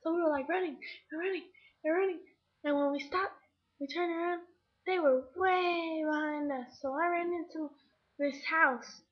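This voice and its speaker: A high-pitched woman chats dramatically into her webcam at home, tossing in "like" constantly. Her voice comes through slightly muffled, as an old built-in webcam mic would record it. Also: steady tone, normal speed. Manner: chatty and dramatic, with lots of "like" fillers. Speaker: vlogger. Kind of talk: rambling storytelling to a webcam. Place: indoors at home.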